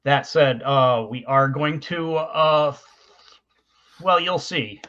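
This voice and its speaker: A man's voice: on the high side, takes it slowly, a bit bright. A man co-hosting a podcast in casual chat, rambling and hesitant, with lots of fillers and restarts. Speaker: podcast co-host. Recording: dull lo-fi recording.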